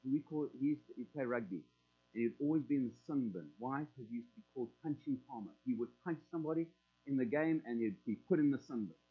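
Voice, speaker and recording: A man's voice: medium pitch, fast. A middle-aged man preaching a sermon in a folksy, conversational way, acting out prayers in quoted voices. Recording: tinny phone-like line with mains hum.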